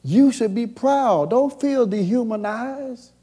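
A man preaching a sermon as pastor, moving between hushed passages and shouted calls. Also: very high-pitched, slow, breathy edge. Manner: call-and-response preaching, swings from soft to shouting.

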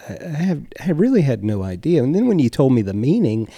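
A man's voice: medium pitch, big pitch swings, fairly quick, dark tone. A man co-hosting a political podcast in a thoughtful, easygoing way. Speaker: podcast co-host. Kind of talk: casual political podcast chat.

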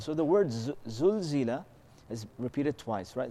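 A man leads a relaxed scripture lesson in an easygoing, explanatory way. He keeps tossing out rhetorical questions and checking in with a quick "okay?" to keep his listeners with him. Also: mid-range voice. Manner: slips into melodic Arabic recitation of verses. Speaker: religious teacher.

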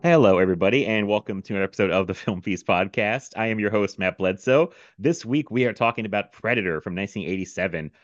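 A low-voiced man hosts a podcast over a video call, chatting casually, rambling and laughing often. The sound is dry and a little muffled. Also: quick pace, few pauses, dry recording, soft background music. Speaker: podcast host. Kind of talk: casual chat.

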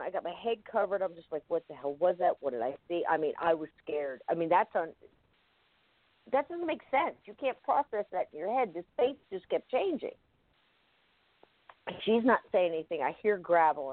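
Guest storyteller on a phone line: halting and vivid, with restarts. Dry, tinny sound. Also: mid-range voice, no room sound. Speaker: guest recounting an experience. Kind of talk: first-person storytelling in an interview.

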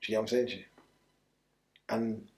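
A man's voice: fairly low pitch, little pitch movement, a little fast, darkish tone, echoey room. A man telling his story bluntly in street slang during an interview, rambling and restarting as he goes. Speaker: interview guest.

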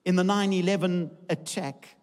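High-voiced preacher in a reverberant hall. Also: male voice, steady tone, moderate pace. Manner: rousing, repetitive call-and-response preaching. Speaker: pastor. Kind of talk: sermon. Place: large church hall. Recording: long hall reverb with faint music.

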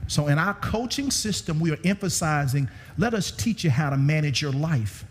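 Animated male preacher in a reverberant hall. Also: normal speed, slight background noise. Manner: animated preaching with sudden pitch swings. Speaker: guest preacher. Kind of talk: sermon. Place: church sanctuary.

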